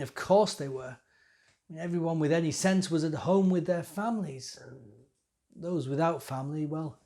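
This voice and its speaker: A man's voice: high voice, mellow. A man as a musing council elder. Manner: reflective, grumbling, first-person musing. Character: male council elder and family father, fond of feasts. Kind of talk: dramatic monologue.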